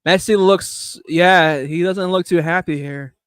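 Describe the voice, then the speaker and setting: A man's voice: high voice, measured pace, a bit bright, smooth, no room sound. A man hosting a casual live watch-along of a soccer final, joking with playful pop-culture references. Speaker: stream host and commentator.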